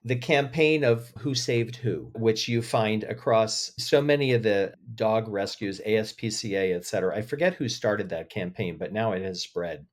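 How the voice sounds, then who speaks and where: A man speaking as a podcast guest, telling stories with feeling and lively emotion in an interview. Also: fairly low pitch, moderate pace, few pauses. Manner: emotional, animated storyteller. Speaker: podcast guest, agency head. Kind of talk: interview conversation.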